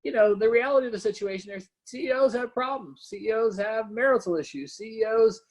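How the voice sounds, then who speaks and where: A man's voice: sits high, a little fast, poor audio. A man, a company founder and CEO, talking candidly and personally in a webinar conversation, filling gaps with "you know" and "right?".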